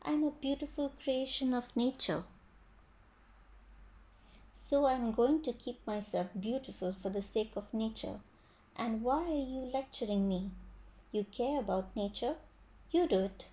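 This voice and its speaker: A woman's voice: a little high, measured pace, long pauses, dark tone, dull audio, natural voice. A woman voicing a proud, rude male fig tree in a storybook reading, snooty and dismissive. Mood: haughty.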